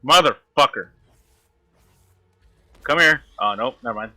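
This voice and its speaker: Man, gameplay commentary, constant swearing, sharp bright voice. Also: medium pitch, animated, a little slow. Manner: frustrated, swearing constantly, talking to the enemy. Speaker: gamer.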